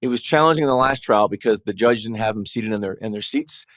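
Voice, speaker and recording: Fast-talking man, animated storyteller. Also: on the low side, dry recording, studio quality. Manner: animated storytelling, acting out quotes. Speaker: trial lawyer guest on a podcast. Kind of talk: podcast conversation.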